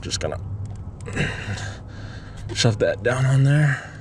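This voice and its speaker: Speaking slowly and expressively in a mid-range voice, this vlogger narrates a truck repair as he works, against a noisy background with music. He's short of breath from illness, rambles, cuts himself off, and addresses the action camera directly in a casual how-to style.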